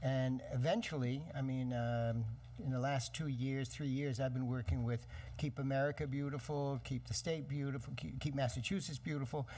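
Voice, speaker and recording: A man's voice: mid-range voice, fairly even intonation, normal speed, warm tone. Rambling New councilman. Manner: rambling, anecdotal. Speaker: town councilor. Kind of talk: council meeting remarks.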